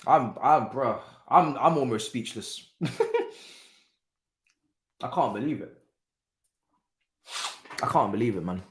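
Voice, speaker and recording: A young man hosting a casual live football watchalong, talking in an animated, repetitive way with lots of slang and laughter. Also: mid-range voice. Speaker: watchalong host. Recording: roomy echo.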